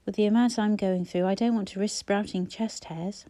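Woman voicing hoarse, wry sick woman Clara. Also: mid-range voice, fairly even intonation, normal speed, warm tone, natural voice. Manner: wry, teasing. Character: ailing older woman, hoarse, dry wit.

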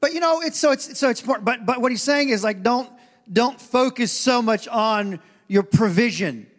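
Male pastor, high voice, casual sermon with humor, big church reverb. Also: moderate pace, fairly bright tone. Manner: casual, joking, acts out quoted voices. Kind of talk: conversational sermon. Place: church sanctuary. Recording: long hall reverb.

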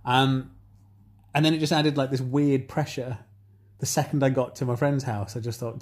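Man, flat delivery, hesitant, reflective, casual chat. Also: mid-range voice, fairly quick.

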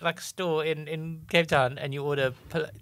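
A man's voice: fairly high pitch, steady tone, moderate pace, a bit bright, dry recording. A South African man co-hosting a comedy podcast, ranting in mock exasperation and swearing freely. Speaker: podcast co-host. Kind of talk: casual comedy banter.

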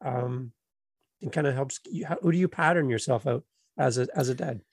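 A man's voice: medium pitch, normal speed, gravelly, breathy edge. A middle-aged man hosting a casual interview, telling stories with lots of animation and acting out children's voices. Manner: animated storyteller who acts out children's voices. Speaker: podcast host.

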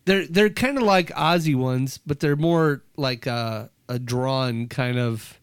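A man's voice: medium pitch, slow, few pauses, smooth, no room sound, studio quality. A man co-hosting a podcast, casual chat, teasing and laughing often. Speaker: podcast co-host.

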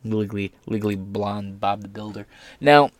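A man's voice: lowish voice, normal speed, dry recording. A young man talking through a casual commentary vlog, sarcastic and mocking, swearing freely. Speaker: political commentator.

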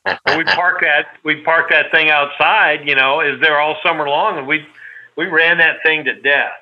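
A man's voice: a little high, steady tone, moderate pace, highs cut off. A man casually reminiscing with a friend, telling a long, meandering anecdote. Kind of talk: casual chat.

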